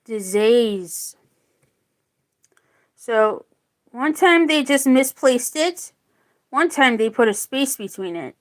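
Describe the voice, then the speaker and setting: Woman teacher, higher voice, unhurried lesson delivery, sounds out and repeats each word. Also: lively intonation. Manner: slow, deliberate, repeats words to sound them out. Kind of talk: spoken phonics lesson.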